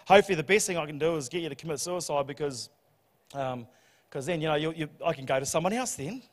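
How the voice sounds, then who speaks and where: A man's voice: fairly high pitch, expressive, quick pace, in a large hall, voice pushed down. A man putting on a sly muttering evil spirit. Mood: scheming. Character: sly male evil spirit, destructive and scheming.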